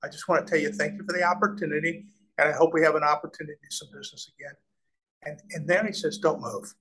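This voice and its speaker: This middle-aged Nebraska man talks fast in a fairly high voice, a real estate developer guesting on an interview and recounting business stories. He acts out the people he quotes and keeps restarting his sentences. The recording is low quality.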